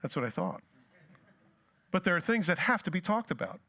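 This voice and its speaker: A man's voice: high voice, very animated, fairly quick, pushed and bright. A pastor preaching a sermon who asks his congregation rhetorical questions and acts out scripture dialogue.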